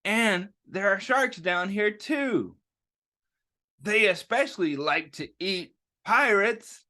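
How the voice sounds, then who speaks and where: A young boy from a picture book, patient and matter-of-fact, speaking a little higher and livelier than an everyday voice, as a man reading aloud puts him on. The lines come slowly and clearly. The pitch rises and falls a lot, the way it does in a read-aloud. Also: expressive, sharp tone, exaggerated voice. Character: young boy with one leg, patient then fed up.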